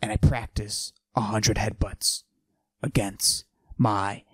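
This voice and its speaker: A man doing a cocky macho character who forces his voice deep and breathy, in a comedic podcast monologue. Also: little pitch movement, slow, a bit bright, dry recording, heavily acted. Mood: swaggering. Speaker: podcast host.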